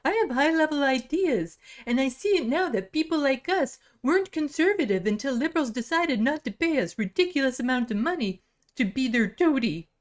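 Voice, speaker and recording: A smug, self-satisfied male pundit, as a woman mocks him in parody. The voice sits fairly high and swings widely in pitch, with a put-on Canadian lilt creeping in. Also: animated, fairly quick. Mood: mocking. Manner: mocking parody, drifting into a fake Canadian accent.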